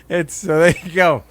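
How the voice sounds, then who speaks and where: His voice is a little high and a bit bright. He co-hosts a podcast, trading loose, profane jokes, laughing a lot and restarting sentences as he wanders off topic.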